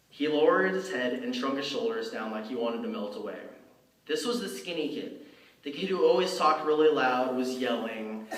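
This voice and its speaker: A man speaks at a middle pitch, heard from some way off the mic. The room around him is roomy and echoing, as in a church hall. He tells his story loosely and conversationally, with fillers and restarts. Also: a bit bright. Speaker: lay speaker giving a dharma talk. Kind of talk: personal storytelling talk. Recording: roomy, from far off.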